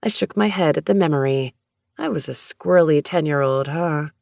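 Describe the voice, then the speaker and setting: An audiobook narrator reading a first-person romance story in a steady, even storytelling manner. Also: mid-range voice, moderate pace, gravelly, no echo, studio quality.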